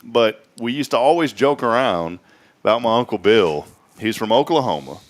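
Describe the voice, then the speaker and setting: A man's voice: mid-range voice, animated, normal speed. A man hosting a local morning show, talking in a folksy, rambling way with lots of fillers. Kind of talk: casual morning show chat. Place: small studio.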